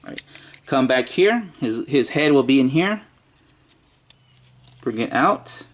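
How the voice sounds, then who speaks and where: Guy doing a laid-back toy review, talks to himself n cracks little jokes, mid pitched. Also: lively intonation, slow pace, a little hiss or hum. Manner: mutters and jokes to himself while handling the toy. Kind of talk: casual toy review walkthrough.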